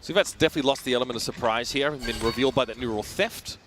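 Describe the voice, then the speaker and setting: A man giving live esports commentary, excitable and jokey with big vocal swings. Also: mid-range voice, very fast, slight background noise. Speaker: esports color caster.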